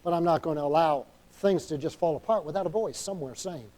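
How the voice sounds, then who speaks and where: A male pastor with a New England accent preaches with a high, warm voice. He is emphatic, stops often for an amen, and acts out small dialogues as he goes. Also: quick pace. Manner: emphatic preaching, calls for amens; acts out quoted inner dialogue. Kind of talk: sermon.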